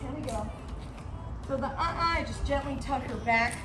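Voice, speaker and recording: Outdoors on a driveway or street, a woman dog trainer runs a training demonstration, praising the dog and coaching the owners with clear instructions. Her high voice moves at a moderate pace, recorded from a distance with roomy sound and background noise.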